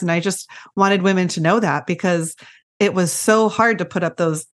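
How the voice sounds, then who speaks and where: A middle-aged woman hosts an interview in casual chat. Her voice sits a bit low, and she stresses her points with emphatic agreement. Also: moderate pace. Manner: affirming, emphatic. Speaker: podcast host.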